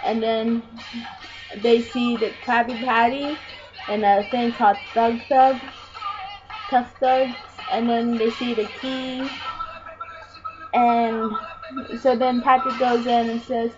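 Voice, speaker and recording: A woman's voice: on the high side, little pitch movement, takes it slowly, pauses often. A woman casually retelling a film plot, rambling along with "and then" and frequent ums. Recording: dull lo-fi home recording with music behind. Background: music playing clearly.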